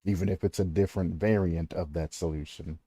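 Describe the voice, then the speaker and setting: Low, mellow-voiced American guy rambling. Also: steady tone, brisk. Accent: rural American. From United States. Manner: rambling, laughs often, clears throat. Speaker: streamer. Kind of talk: casual chat.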